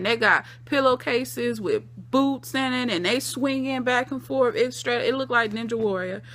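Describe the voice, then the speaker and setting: A woman's voice: on the high side, sharp tone. A woman casually recapping and reacting to a TV episode, in a slangy, conversational way, with emphatic repeated phrases. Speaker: TV episode reviewer.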